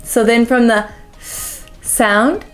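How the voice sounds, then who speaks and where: An American-accented woman coaches pronunciation at a very slow, deliberate pace, repeating each word again and again. Her voice sits fairly high. Soft music plays quietly under her. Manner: slow, careful drilling with repeated words. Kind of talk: pronunciation lesson.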